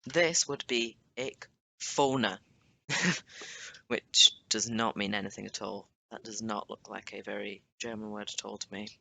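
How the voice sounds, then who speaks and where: A man's voice: lowish voice, little pitch movement, normal speed, gravelly, bright, forceful tone, husky. A young man teaching a language lesson in a chatty, casual way, explaining with asides and self-corrections. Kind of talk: casual screen-share lesson.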